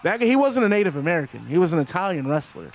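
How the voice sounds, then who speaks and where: A man's voice: fairly high pitch, sing-song, rapid-fire, a little hiss or hum. A man calling a simulated wrestling match in casual play-by-play, rambling between the moves and answers to chat.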